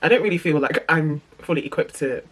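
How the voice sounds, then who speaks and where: A woman from the English Midlands speaking in received pronunciation, talking casually to camera and often halting with ums, restarts and small stutters. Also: low-pitched, low-quality recording. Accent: British received pronunciation. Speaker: vlogger.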